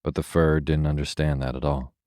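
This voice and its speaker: Very deep, mellow male bedtime storyteller. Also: flat delivery, brisk, no room sound, clean studio sound. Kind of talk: scripted bedtime story narration.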